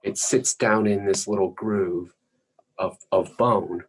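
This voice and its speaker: A male lecturer explaining anatomy patiently while drawing, often clearing his throat. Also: fairly low pitch, steady tone, slow, rough recording.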